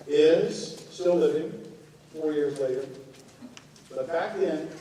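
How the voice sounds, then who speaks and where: A middle-aged man, a company CEO, giving a conversational storytelling speech to students. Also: medium pitch. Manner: storytelling, conversational, some restarts. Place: university lecture hall. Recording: echoey hall, distant mic, audience. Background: audience.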